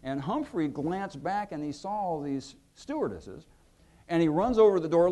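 A man in his fifties, an author telling anecdotes to an audience at a museum event, acting out quotes with lively pitch and volume. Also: normal speed. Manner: animated, acts out quotes with lively shifts in pitch and loudness. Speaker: author giving a book talk.

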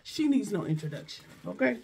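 A woman's voice: mid-range voice, very animated, brisk, gravelly, dark tone, slight background noise. A woman vlogger chatting casually through a shopping haul, gushing and exclaiming over each item. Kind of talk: casual unboxing chat.

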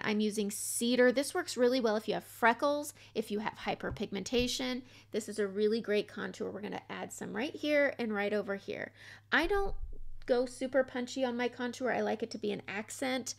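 A woman in her forties chatting casually through a step-by-step makeup tutorial, joking about herself as she goes. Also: a little high. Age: 40s. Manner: chatty, self-deprecating, step-by-step instructing.

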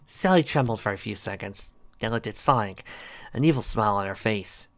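A man narrating a fan-made story, reading aloud with animated delivery. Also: lowish voice, brisk.

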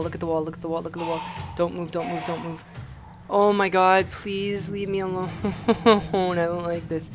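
A man's voice: fairly high pitch, flat delivery, normal speed, music in the background. A young man from Canada playing a horror game and commenting in a panicky, swearing way, often repeating himself in frantic bursts. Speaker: gaming YouTuber.

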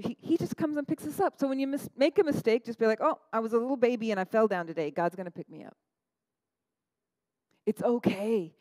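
A middle-aged woman pastor delivering a lively, conversational sermon, often tossing in "right?" to the congregation. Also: on the high side, no room sound, low-quality recording. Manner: animated, conversational, frequent "right?" asides.

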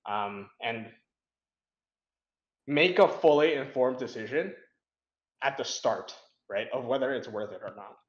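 Young male guest, casual and blunt, halting rambly delivery, roomy muffled sound. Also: mid-range voice. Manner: rambling, frank, lots of fillers and restarts. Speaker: interview guest, competitive programmer. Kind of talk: casual interview chat.

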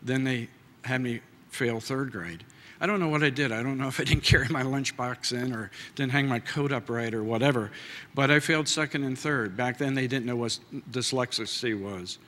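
A man's voice: mid-range voice, moderate pace, fairly bright tone. Folksy man giving a heartfelt acceptance speech. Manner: folksy and heartfelt, with many filler uhs. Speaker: award inductee. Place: large banquet hall. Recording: reverberant hall.

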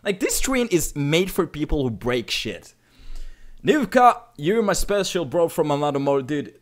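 Excitable male streamer, slightly high voice, overwhelmed, swears a lot. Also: normal speed. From Finland. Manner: excitable, swears constantly, swings from shouting to mumbling. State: emotionally overwhelmed. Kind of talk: live stream commentary.

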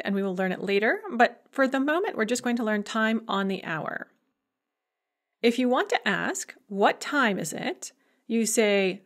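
A woman teaching a language in a recorded lecture, with a somewhat high voice. She takes her time, sounding out each example phrase slowly and carefully. Her explanations are clear and methodical. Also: a bit bright. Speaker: language instructor.

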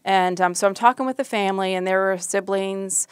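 A woman's voice: medium pitch, fairly even intonation, fairly quick, clean tone, dry recording. A middle-aged woman, an emergency room doctor, telling a story in conversation with frequent fillers and restarts. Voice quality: hesitant, many fillers and restarts.

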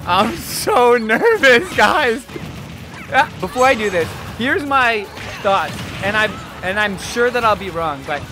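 A man hosting his own vlog speaks in a high, excitable voice, calling out to his viewers as he goes. Clear background music plays under his casual commentary. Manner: excitable, talks straight to viewers. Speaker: streamer and video host.

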